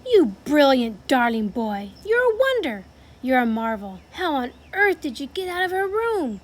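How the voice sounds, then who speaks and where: Lady doing a loving old granny, emphatic, kinda high. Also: very animated, measured pace. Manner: fond, emphatic.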